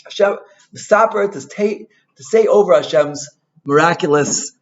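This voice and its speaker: A male rabbi gives an informal Torah talk as an animated storyteller, sprinkling in Hebrew and Yiddish terms and repeatedly asking "right?". His voice is high, his pace moderate, and the sound lo-fi.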